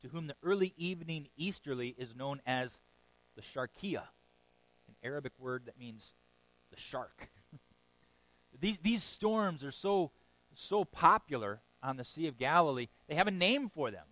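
A man delivers a sermon in a slightly high voice, recorded close and dry with no room sound. He tells the story with animated swings, punching words loudly and chuckling between points. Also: moderate pace, dry recording, rough recording. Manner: animated storytelling with sudden loud bursts and chuckles. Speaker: pastor.

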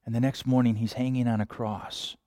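A man preaching a sermon, animated, sometimes acting out quoted voices. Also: medium pitch, fairly quick, no echo, studio quality. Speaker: pastor.

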